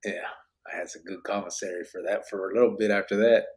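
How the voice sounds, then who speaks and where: Speaking quickly in a low, steady, darkish voice, this podcast host goes through live comments in relaxed chat. Laughter comes often, and he peppers his talk with Spanish and barrio slang.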